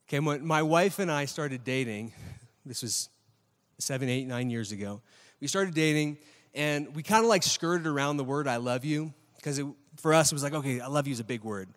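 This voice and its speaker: A man's voice: fairly high pitch, normal speed, a bit bright. Man preaching in an echoing hall. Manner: conversational, questions the audience, keeps asking "right?". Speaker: pastor. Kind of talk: sermon. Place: church hall with a live audience. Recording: long reverb of a large hall.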